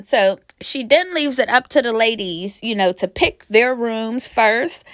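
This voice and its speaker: A woman's voice: a little high, a little slow, a bit bright, no echo, studio quality. A young woman from Pennsylvania recapping a reality show in a sassy, gossipy, casual way, laughing often.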